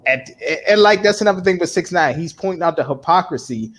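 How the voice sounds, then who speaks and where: A man co-hosting a podcast in casual chat, animated and repeating himself for emphasis. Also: on the high side, quick pace. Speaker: podcast co-host.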